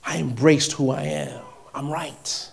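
A man with a fairly high voice delivering a sermon before a congregation. He preaches with emphasis, repeating key phrases and moving between hushed, personal lines and loud, ringing declarations. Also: steady tone, measured pace, vocal fry.

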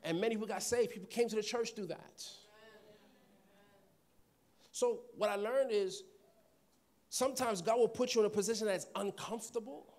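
A man's voice: sits high, normal speed, pauses often, darkish tone. A man preaching a sermon, telling stories, acting out voices and laughing often. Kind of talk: sermon with storytelling.

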